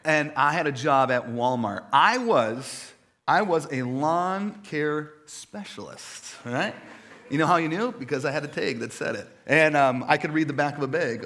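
A young adult man preaching a sermon to a live audience, telling lively stories with quick asides to the crowd. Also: fairly high pitch. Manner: animated storytelling with audience asides. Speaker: pastor.

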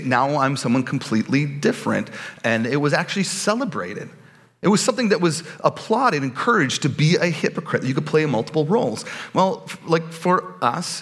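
A man's voice: a little high, fairly bright tone. A man preaching a casual, joking sermon as a pastor, often slipping into put-on voices for quoted people. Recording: long hall reverb.

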